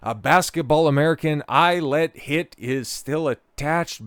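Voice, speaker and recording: A man's voice: on the high side, a little slow, few pauses, a bit bright, clear, resonant tone, no echo. A man hosting a political commentary vlog, sarcastic and full of mocking asides.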